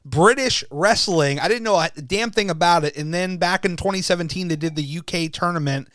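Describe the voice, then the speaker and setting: A man hosting a podcast in casual chat, enthusiastic and quick to laugh, sometimes tripping over his words. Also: sits high, a bit bright, no echo, clean studio sound. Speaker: podcast host.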